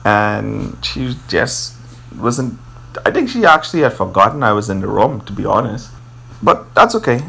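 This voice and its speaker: A man's voice: lowish voice, vocal fry, slightly rough. A man chiming in with a teasing, casual side of the story. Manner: teasing, quick asides, animated.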